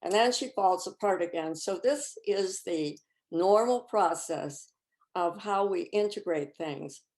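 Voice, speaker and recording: Woman, lowish voice, reflective faith talk, measured, pauses to find words, video call. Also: a little mellow. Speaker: retreat presenter.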